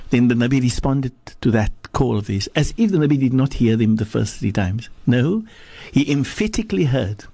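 A man's voice: expressive, brisk, hardly any pauses, warm tone, no echo. A man from Africa, a sheikh giving a religious teaching on a radio talk show in an emphatic preaching manner. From South Africa. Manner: preaching, emphatic, swings from low to high. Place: radio studio.

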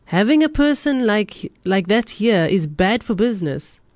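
A woman's voice: medium pitch, big pitch swings, a little slow, a little mellow, dry recording, pitched above the performer's own voice. A woman voicing an indignant male cafeteria manager who speaks sternly.

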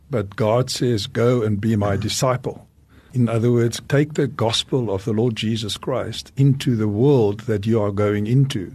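A man with a low, husky voice speaks as a guest on a talk program. He reflects earnestly on his faith and his work, posing rhetorical questions to his listeners as he goes. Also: darkish tone. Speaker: Christian businessman guest. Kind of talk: earnest personal testimony.

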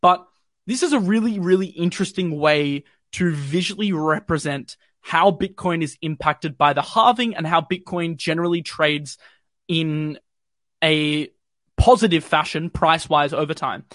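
A man's voice: fairly high pitch, normal speed, fairly bright tone, no room sound, studio quality. Young Australian man, casual stream host. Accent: mild city Australian. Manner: chatty, filler-heavy, reads viewer comments. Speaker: crypto livestream host. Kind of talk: casual live-stream chat. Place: home bedroom.

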